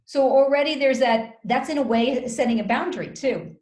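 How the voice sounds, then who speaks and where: A woman giving communication advice as an interview guest, explaining step by step in a measured way with deliberate pauses, over a video call. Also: high-pitched, darkish tone. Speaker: communication skills guest expert. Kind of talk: coaching advice in conversation. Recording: roomy echo.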